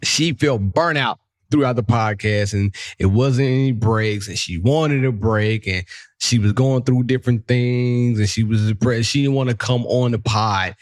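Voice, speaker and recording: A man's voice: mid-range voice, unhurried, no echo, clean studio sound. A man hosting a casual podcast chat, telling stories in a slangy, profane way and slipping into voices. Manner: animated storyteller, slangy and profane, jumps into voices. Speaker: podcast host.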